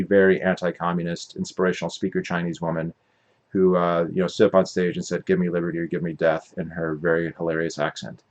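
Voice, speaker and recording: A man's voice: low-pitched, dull audio. A man hosting his own podcast, recapping an event in a rambling, opinionated monologue and often correcting himself mid-sentence. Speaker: podcast host.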